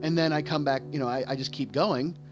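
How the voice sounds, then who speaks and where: A man's voice: fairly high pitch, fairly even intonation, brisk, highs cut off. A man who acts on stage, talking candidly in a rambling way, often repeating words and restarting. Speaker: vlogger and stage actor. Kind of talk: candid casual monologue. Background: game music playing.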